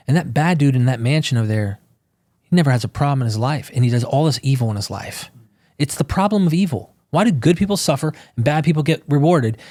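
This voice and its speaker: A man speaking as a podcast guest, telling stories with fervent emphasis and quick bursts of conviction. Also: mid-range voice, a little mellow, no echo, studio quality. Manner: fervent, emphatic, acts out quoted people. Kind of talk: impassioned conversational storytelling.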